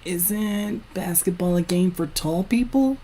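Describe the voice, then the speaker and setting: A man voicing a shy little boy who answers softly and hesitantly in a high voice. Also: slow pace.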